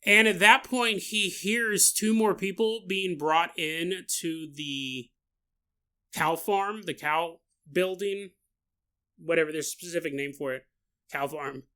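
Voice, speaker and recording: Bright-voiced joking male podcast host. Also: high voice, takes it slowly, clean tone. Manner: animated, jokey, laughs at own asides. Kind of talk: casual storytelling.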